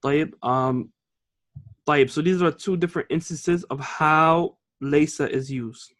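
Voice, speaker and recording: Speaking at a moderate pace in a fairly high, slightly bright voice, a man teaches a grammar class. He's an Arabic teacher who explains patiently, switches between English and Arabic, and keeps checking understanding with "okay?" and "all right?"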